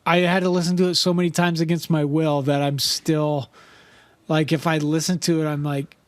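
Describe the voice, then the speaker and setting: A man's voice: on the high side, level tone, moderate pace, no echo. Chatty man with a dry, close sound. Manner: chatty, rambling, swears casually. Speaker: podcast co-host. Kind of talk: casual chat.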